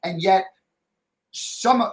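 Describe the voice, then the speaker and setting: A man's voice: high voice, extremely slow. A man hosting an interview, reflecting thoughtfully and steering the conversation back to the topic. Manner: reflective, steers the talk with brief affirmations. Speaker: host. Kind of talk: interview talk.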